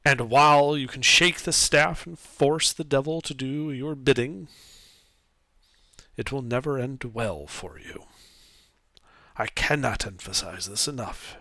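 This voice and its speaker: A man voicing a nervous male scholar who warns in a shaky, grave, slow voice. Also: medium pitch, bright, forceful tone, dry recording. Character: nervous male scholar wary of a cursed staff.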